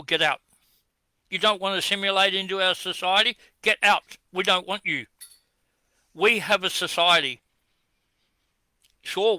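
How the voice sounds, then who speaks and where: Combative Australian man with a bright, high voice. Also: clean tone, dry recording. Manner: combative, accusing, rhetorical questions. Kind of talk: ranting address to camera.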